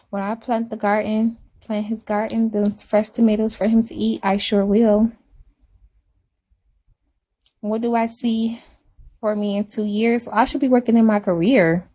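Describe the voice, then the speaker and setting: A woman's voice: fairly high pitch, warm tone. A woman chatting casually on a live stream, emphatic and repetitive for effect. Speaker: livestreamer.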